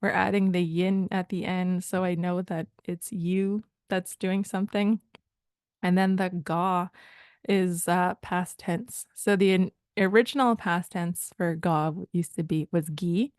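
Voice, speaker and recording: A woman from Rama First Nation in Canada explaining language points in a thoughtful, hesitant way, often pausing to search for words. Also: on the low side, steady tone, darkish tone, smooth, no room sound. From Rama First Nation, Ontario, Canada. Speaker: language teacher.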